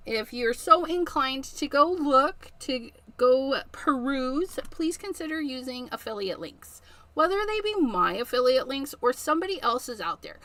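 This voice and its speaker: Woman, middle-aged craft livestream host: high, bright voice, unhurried and chatty, laughing often. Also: big pitch swings, dry recording. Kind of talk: casual livestream chat.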